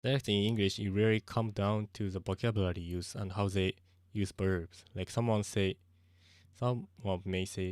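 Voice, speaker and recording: A man's voice: low-pitched, fairly even intonation, moderate pace, long pauses, a little mellow, dry recording, studio quality. A young Japanese man streaming casually, speaking English with a Japanese accent, hesitant and often searching for words, slipping into Japanese. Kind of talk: casual live-stream chat.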